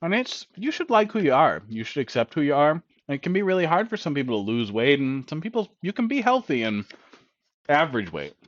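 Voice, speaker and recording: A man's voice: a little high, sing-song, fairly quick, dry recording. A man hosting a casual cooking live stream, chatting bluntly and profanely while he eats, heard on dull lo-fi stream audio.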